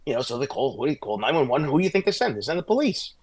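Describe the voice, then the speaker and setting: Fast-talking middle-aged ex-cop storyteller. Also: male voice, mid-range voice, breathy edge. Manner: fast, animated anecdotes with restarts. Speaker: guest, former police sergeant. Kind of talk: casual podcast storytelling.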